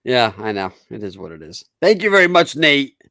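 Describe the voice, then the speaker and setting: A man's voice: mid-range voice, very animated, a little fast, sharp tone, no room sound, clean studio sound. A man hosting a casual podcast chat, boisterous, laughing often and swearing freely. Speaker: podcast host.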